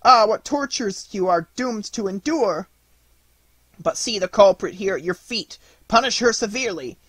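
Man putting on a wailing fairy-tale queen, high and loud, breathy, storybook reading. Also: wildly swooping pitch, measured pace, no room sound, full character voice. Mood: despairing. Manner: wailing, tearful pleading. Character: despairing sobbing queen, woman.

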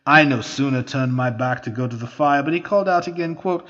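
A man reading an old historical account in a measured, formal way. The recording is muffled and lo-fi, with a long reverb trailing each phrase. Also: mid-range voice, a bit bright. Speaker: reader. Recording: dull lo-fi audio with long reverb.

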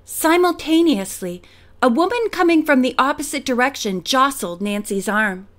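A woman narrating a mystery audiobook in a clear, steady storytelling manner. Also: sits high, normal speed. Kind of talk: audiobook reading.

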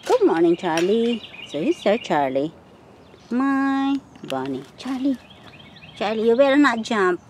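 A woman chatting casually while she walks through her backyard garden, sometimes calling to her pet rabbit in a high sing-song voice. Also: sing-song, moderate pace, a little mellow. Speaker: vlogger giving a garden tour. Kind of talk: casual chat while walking. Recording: outdoor phone video with faint nature noise.

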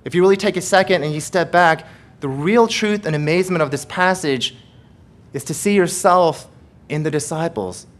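A pastor preaching a sermon with emphatic repetition and rhetorical questions, swinging between forceful passages and hushed prayer. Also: male voice, fairly high pitch, moderate pace. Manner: emphatic preaching, rising loud then dropping to hushed prayer; repeats phrases and asks rhetorical questions.

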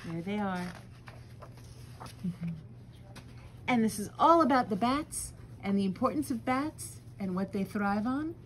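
A woman reads a children's picture book aloud, taking her time with every line. Her storytelling is gentle and unhurried, and faint noise sits beneath her voice. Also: mid-range voice, animated, rough recording.

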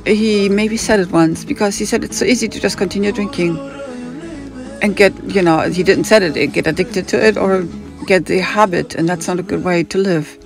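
Gravelly German-accented woman telling a story. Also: medium pitch, moderate pace, music in the background. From Hamburg, Germany. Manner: digressive, acts out other people's lines. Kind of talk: rambling personal storytelling.

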